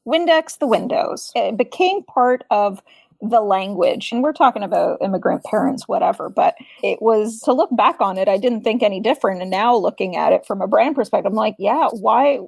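Gravelly, husky woman sharing a memory. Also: medium pitch, brisk, darkish tone, no echo. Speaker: panelist. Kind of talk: casual panel discussion.

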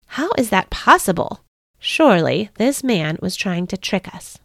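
Lady podcast host reading a bible story aloud, earnest and steady, dry close sound. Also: mid-range voice, unhurried, creaky, no room sound. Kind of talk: scripted first-person story reading.

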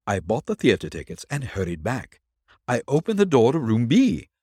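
A man's voice: mid-range voice, huge pitch swings, normal speed, dark tone, slightly rough, no room sound, studio quality. A man voicing a frightened male witness confessing his story in an audiobook. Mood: confessional.

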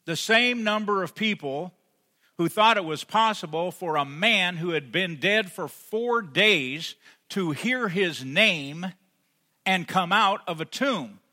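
A man preaching a sermon as pastor, rising to emphatic peaks and then dropping soft and intimate. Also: high voice, lively intonation, slow. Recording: long hall reverb.

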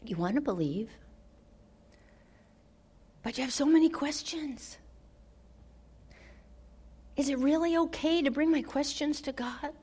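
A woman preaching a sermon, dramatic, swinging from loud declarations to hushed near-whispers. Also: high voice, animated, unhurried, pauses often.

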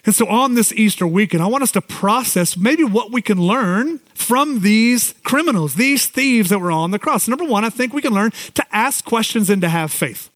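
A man's voice: high voice, lively intonation, normal speed, hardly any pauses, fairly bright tone, dry recording. A man preaching a sermon as pastor. He talks in a conversational way, repeats himself, and muses aloud with "like" and "I just wonder.".

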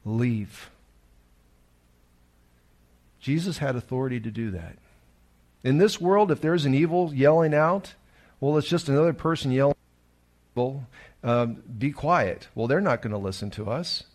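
A man's voice: mid-range voice, lively intonation, moderate pace, darkish tone. A male pastor, preaching a sermon earnestly and emphatically, with restarts and rhetorical questions.

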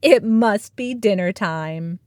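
A woman reading the part of a kindly farm owner, affectionate and gently teasing. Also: medium pitch, takes it slowly, dry recording, clean studio sound, lightly acted. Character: kindly farm woman who owns the animals.

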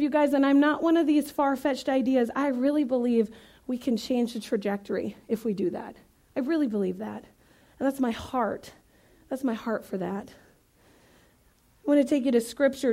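A woman with a bright, high voice delivers a sermon to a church congregation, talking to the room in a chatty, joking way. She leans hard on her key words and keeps the energy up throughout. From Iowa. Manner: lively, conversational, joking, emphatic. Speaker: guest preacher.

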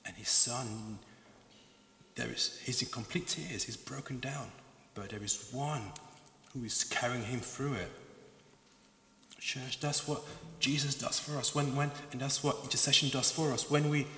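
A male preacher delivers a passionate sermon, piling up emphatic repeated phrases. His voice is bright and forceful. The sound rings around a large hall with a long, roomy reverb. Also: medium pitch, fairly even intonation, a little slow, gravelly, pauses often, a little hiss or hum.

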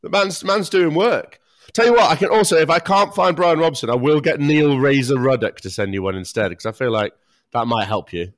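A man's voice: fairly high pitch, expressive, brisk. A man co-hosting a podcast, chatting casually with swearing and banter. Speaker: podcast co-host. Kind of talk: casual chat.

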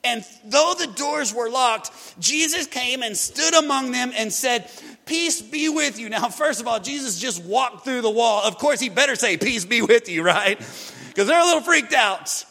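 A man preaching a sermon as pastor, swinging between loud urgent lines and quiet hushed ones. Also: very high voice, animated, moderate pace, vocal fry, long reverb tail.

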